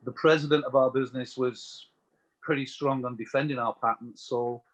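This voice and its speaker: Husky British man telling stories. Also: medium pitch, normal speed, muffled recording. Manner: chatty, animated storyteller. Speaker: guest, business owner. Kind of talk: anecdotal interview storytelling.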